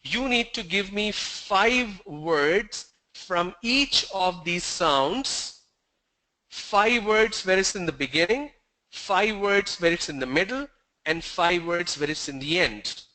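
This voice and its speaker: A man's voice: high voice, animated, slow pace, sharp tone, rough recording. A middle-aged man teaching English pronunciation in an online lesson, drilling sounds letter by letter and correcting common mistakes.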